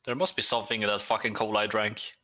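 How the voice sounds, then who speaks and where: A man's voice: fairly low pitch, flat delivery, fast talker, bright, forceful tone. A man chatting casually on a stream, trading joking banter. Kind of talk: casual chat.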